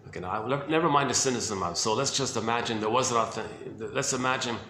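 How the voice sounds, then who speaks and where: Guy musing on psychology, bright voice, echoey room w/ a little hiss. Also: mid-range voice, quick pace. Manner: rambling, restarts and fillers, thinking aloud. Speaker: video host. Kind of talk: casual lecture on psychology. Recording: roomy echo with faint hiss.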